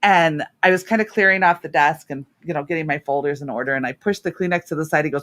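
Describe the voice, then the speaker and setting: A woman's voice: sits low, fast talker, few pauses. A middle-aged woman hosting a radio talk show, a therapist telling stories about her clients in a casual, earnest way. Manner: earnest, warm storytelling with laughs.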